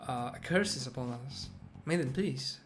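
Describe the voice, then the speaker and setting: A man's voice: mid-range voice, measured pace, natural voice. A man reading aloud the lines of distraught cult followers from a game, pleading with their leader, with game music behind.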